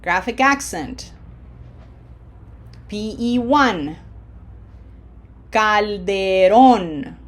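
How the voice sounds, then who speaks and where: A woman teaching a recorded online language lesson, patiently walking through rules step by step and slowing down to model words. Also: mid-range voice. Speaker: Spanish teacher.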